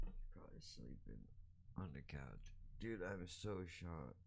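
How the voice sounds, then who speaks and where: A man's voice: sits low, normal speed, vocal fry, a little mellow. A man hosting a podcast, giving a blunt, profane, ranting monologue. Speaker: podcast host.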